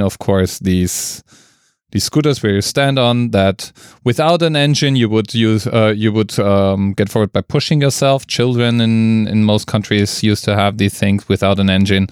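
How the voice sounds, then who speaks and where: A man co-hosting a casual debate podcast, talking haltingly and often restarting his sentences. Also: fairly low pitch, smooth, no room sound, studio quality. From Germany. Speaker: podcast co-host.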